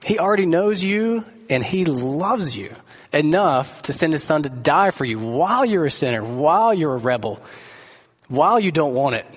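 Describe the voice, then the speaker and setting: A man's voice: fairly high pitch, big pitch swings, normal speed. Earnest preacher man in an echoey hall. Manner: conversational and earnest, asks the listeners direct questions. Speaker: pastor. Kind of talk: sermon.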